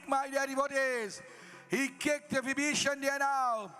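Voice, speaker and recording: High-voiced storyteller. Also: male voice, steady tone, a little slow, pushed and bright, faint music behind. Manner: dramatic, addresses devotees, folksy asides. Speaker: Ramleela narrator. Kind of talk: devotional storytelling to an audience.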